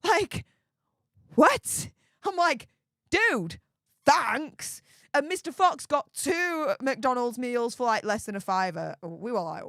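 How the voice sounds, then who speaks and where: A young English woman hosting a live stream, rambling in a chatty, excitable way with plenty of fillers and mild cursing. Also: fairly high pitch, no room sound, studio quality. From Yorkshire, England. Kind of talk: casual live stream chat.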